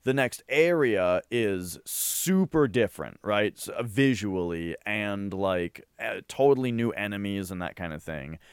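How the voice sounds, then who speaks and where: A man in a casual podcast chat who rambles excitedly, with lots of fillers and restarts. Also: on the low side, unhurried, hardly any pauses, smooth, no echo, clean studio sound. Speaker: podcast co-host.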